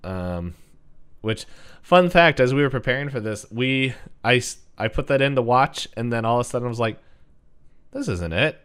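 A man's voice: medium pitch, animated, normal speed, a bit bright, clean tone. A man co-hosting a podcast, chatting casually and rambling a little as he recaps a movie. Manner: rambling, restarts, chuckles. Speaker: podcast co-host.

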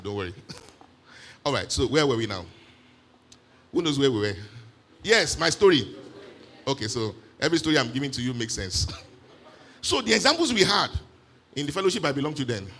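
A man preaching a sermon in an animated way, with frequent exclamations of praise. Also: fairly high pitch, slightly rough.

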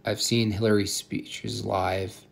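A man ranting provocatively in a casual comedic podcast style, rambling with halting restarts. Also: fairly low pitch, flat delivery, vocal fry.

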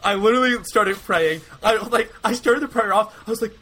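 Young guy podcast host, talks super fast, slightly high voice, rambly storyteller. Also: slight background noise. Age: young adult. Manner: rambling, animated, quotes himself often. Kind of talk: casual storytelling chat.

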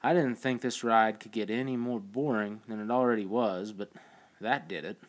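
A man's voice: fairly low pitch, moderate pace, lightly acted. A male narrator voicing a goofy, brash young cowboy in an audiobook, with a loose, joking delivery. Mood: nonchalant.

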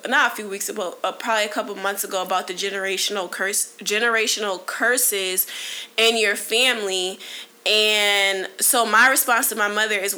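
Here a woman in her twenties, solo podcast host, speaks in a pushed, bright mid-range voice. She's candid and rambling, casual with lots of fillers and restarts, with a brief emotional moment.

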